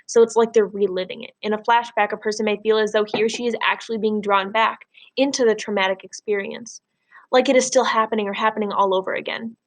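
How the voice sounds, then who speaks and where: A woman teacher giving a recorded lesson, explaining and reading a novel aloud patiently. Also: fairly high pitch. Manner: clear, patient, explaining step by step.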